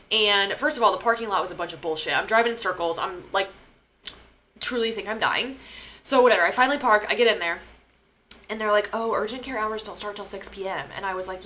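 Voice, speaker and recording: A woman's voice: medium pitch, fast talker, pushed and bright, a little hiss or hum. A young woman hosting a podcast, telling a personal story in a casual, emotional way, with lots of filler words and swearing. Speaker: podcast host.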